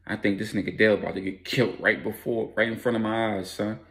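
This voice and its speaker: A man voicing a nervous young crew member reporting danger in a hushed way. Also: on the low side, fairly even intonation, fast talker.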